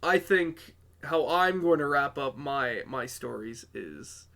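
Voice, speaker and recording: A young adult man co-hosting a podcast, sounding very tired, telling a story in a laid-back, drawn-out way. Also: medium pitch, animated, gravelly, bright, forceful tone. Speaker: podcast co-host. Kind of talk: casual storytelling chat.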